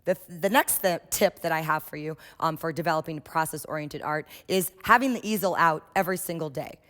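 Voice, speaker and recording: A woman giving a workshop lecture on children's art, lively and storytelling, often acting out quotes. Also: sits low, fairly quick. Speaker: early childhood art trainer. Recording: echoey hall.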